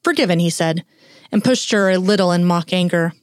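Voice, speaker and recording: A woman's voice: fairly low pitch, fairly even intonation, normal speed, clear, resonant tone, no echo. Woman reading fan fiction, dry sound. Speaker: narrator.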